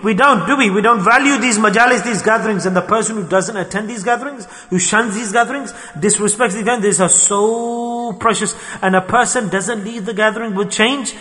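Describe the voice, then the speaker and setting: A male preacher delivers an impassioned, pleading sermon, dropping Arabic and Urdu religious terms into his English. His voice sits high and rings bright and forceful. A long hall reverb trails behind every phrase. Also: a little fast, hardly any pauses.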